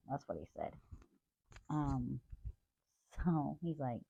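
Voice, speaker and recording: Slow gravelly woman chatting on a tinny line. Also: very deep voice, animated, no echo. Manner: rambling, apologetic, chatty. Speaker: craft vlogger. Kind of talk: casual chat. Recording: tinny phone-like dry sound.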